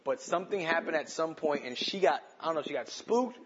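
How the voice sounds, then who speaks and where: A high-voiced male pastor delivers a sermon with passion, his voice surging into urgent pleas and then dropping to quiet reflection. The recording sounds a little dull, with a faint hiss underneath. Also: animated, quick pace. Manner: impassioned, voice rising and falling between urgent pleas and quiet reflection.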